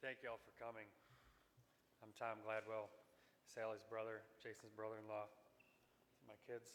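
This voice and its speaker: A man speaking as brother-in-law at a memorial, subdued and halting. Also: lowish voice, monotone, a bit bright. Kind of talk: memorial speech. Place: memorial service hall. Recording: distant mic in a reverberant hall with faint room noise.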